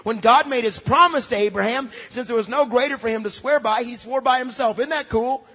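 A pastor preaching a sermon, moving from quiet storytelling to emphatic shouts. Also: male voice, very high-pitched, a little fast. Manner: emphatic preaching that swings from soft asides to shouts. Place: large church hall. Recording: dull lo-fi recording with long hall reverb.

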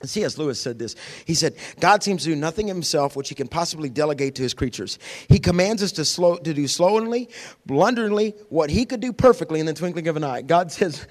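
Animated pastor man preaching with shouts and whispers. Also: a little high, brisk, long reverb tail. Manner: acts out quoted voices with humor. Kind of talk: sermon. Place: church sanctuary.

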